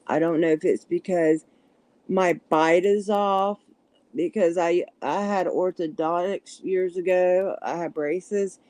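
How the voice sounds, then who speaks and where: A woman's voice: fairly low pitch, dark tone, no room sound. A middle-aged woman with a heavy Southern country accent, chatting casually on a livestream and sometimes stumbling over her words. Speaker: livestream host. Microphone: phone.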